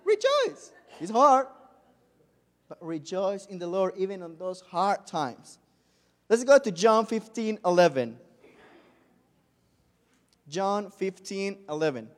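A man with a high voice delivers a sermon, telling a story with playful sound effects and bursts of laughter. His carries a lilt. The sound rings with the long reverb of a church hall. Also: animated, takes it slowly, long pauses, darkish tone. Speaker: preacher.

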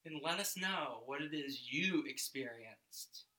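A man with a high, bright voice reads scripture slowly and then leads a guided reflection, full of questions for the listener. His unhurried delivery rings out in an echoey room. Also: lively intonation. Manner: slow, questioning, invites listeners to imagine. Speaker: devotional video host.

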